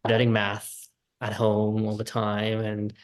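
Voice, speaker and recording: A man's voice: lowish voice, completely flat delivery, slow, smooth. Male guest with a subtle mixed accent. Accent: slight Swiss German and Vietnamese mix. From Switzerland. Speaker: podcast guest, dancer. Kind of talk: casual interview chat.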